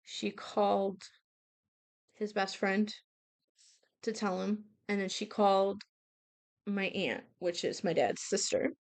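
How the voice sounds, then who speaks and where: Slow-spoken young woman recounting grief. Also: medium pitch. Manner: halting, emotional, many fillers and restarts. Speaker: podcast host. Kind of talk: personal storytelling about grief.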